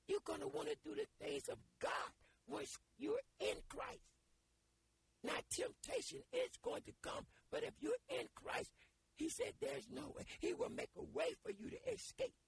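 A man's voice: very high voice, vocal fry. A man preaching a sermon with call-and-response urging and repeated phrases.

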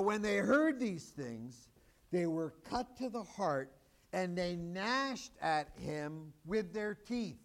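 A man preaching a sermon, mixing conversational asides and rhetorical questions with emphatic, rising exclamations. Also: sits high. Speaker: pastor.

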